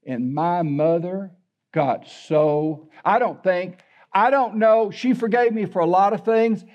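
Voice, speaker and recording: An older pastor preaches in a high, bright-pitched voice. He talks in a folksy, candid, humorous storytelling way. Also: slow, dull audio. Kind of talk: sermon.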